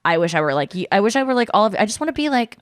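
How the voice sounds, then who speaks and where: Podcast host, woman in her thirties, lively and self-mocking, close dry mic. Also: mid-range voice, very fast, dry recording. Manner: animated, self-deprecating, swears freely. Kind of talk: casual chat.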